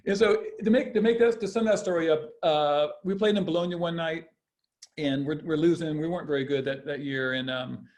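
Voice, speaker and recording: Man telling rambling stories, slightly high voice. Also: moderate pace, a little mellow. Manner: rambling storyteller with frequent restarts and laughs. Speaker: guest, former basketball player. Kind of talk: casual storytelling interview.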